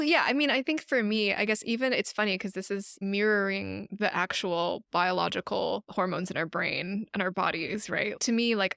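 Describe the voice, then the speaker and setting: Gravelly-voiced woman musing aloud. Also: medium pitch, no room sound, studio quality. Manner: musing, thinks out loud with hedges. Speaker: podcast co-host. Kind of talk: casual chat.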